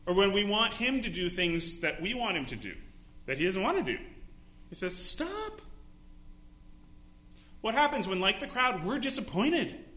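A man's voice: sits high, big pitch swings, normal speed, bright, forceful tone, reverberant. A male pastor preaching a sermon, acting out quotes with dramatic voices. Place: church sanctuary.

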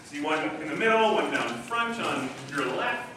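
A man delivers a sermon from the front of a church, explaining scripture in an easy, conversational teaching manner. His voice sits high and bright. The sound carries a heavy echo from the hall, picked up from some distance. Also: animated, moderate pace, a little hiss or hum. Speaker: pastor. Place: church sanctuary. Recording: echoey hall, distant mic.

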